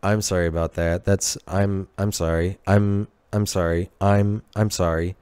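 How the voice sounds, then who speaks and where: A man's voice: sits low, level tone, a little slow, a little mellow, smooth, no echo. A man hosting a podcast, rambling through a comedic monologue and restarting his sentences. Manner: rambling, restarting sentences, ironic self-talk. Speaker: podcast host.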